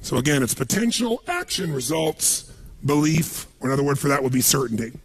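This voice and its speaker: A man with a raspy voice giving a punchy, emphatic seminar speech to a live audience and firing questions at them. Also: on the high side, sing-song, brisk. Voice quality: raspy, gravelly. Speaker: motivational speaker.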